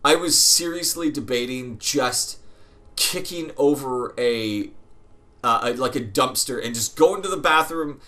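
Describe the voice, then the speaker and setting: Chatty let's-play guy with a bright, forward voice, rambling and swearing through an anecdote. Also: medium pitch, unhurried. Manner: rambling, profane, often laughing. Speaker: gaming video host. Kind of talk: casual storytelling over gameplay.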